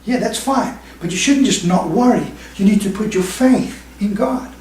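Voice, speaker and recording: A man preaching a sermon as pastor, emphatic, with quick bursts and slow stressed phrases. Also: high voice, darkish tone. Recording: echoey room, mic at a distance.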